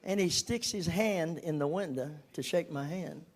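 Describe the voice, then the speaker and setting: Older man, storytelling, high voice, animated, whispers for emphasis. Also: normal speed. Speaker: speaker giving a testimony. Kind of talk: storytelling to a congregation.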